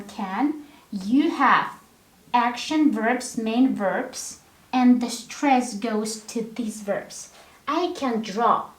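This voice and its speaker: Slow, patient woman teaching English. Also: a little high. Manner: slow, patient, repeats words one at a time for stress. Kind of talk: grammar lesson at a whiteboard. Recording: echoey room.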